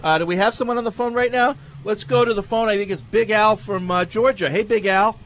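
A man hosting a sports radio show, reading out contact details and taking calls, quick to mock. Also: high voice, steady tone, fairly bright tone. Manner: mocking, quick to jab. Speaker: radio host. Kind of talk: casual sports talk radio banter.

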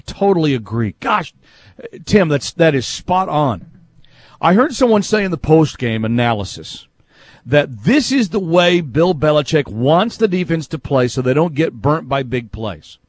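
A man hosting a sports talk radio show, animated and exasperated, who yells for emphasis. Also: a little high, a little slow, no echo.

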